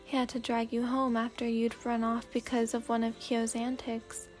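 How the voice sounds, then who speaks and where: A woman reading second-person fanfiction in a slow, hushed, sleepy storytelling voice, at times dropping to a whisper. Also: a little high, completely flat delivery, faint music behind. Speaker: fanfiction reader.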